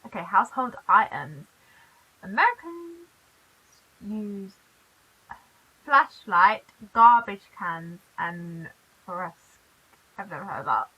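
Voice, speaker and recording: A British woman from the UK chatting in a casual vlog, animated and quick to laugh. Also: medium pitch, slightly rough, poor audio. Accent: British English. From United Kingdom. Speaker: YouTuber.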